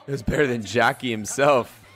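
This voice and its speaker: A man's voice: mid-range voice, moderate pace, fairly bright tone, soft background music. A young man casually reacting to an anime as he watches, swearing freely and filling his talk with "bro" and "like.". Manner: swears a lot, says bro and like. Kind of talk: casual live reaction commentary.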